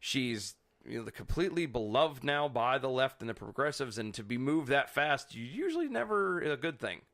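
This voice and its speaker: Guy co-hosting a podcast, kinda rambly, keeps restarting, average pitch. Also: very animated, moderate pace, a bit bright. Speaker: podcast co-host. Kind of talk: casual political chat.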